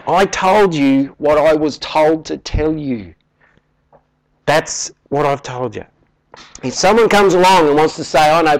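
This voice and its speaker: A middle-aged man, a pastor preaching a sermon in an emphatic, animated way. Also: fairly high pitch, rough recording.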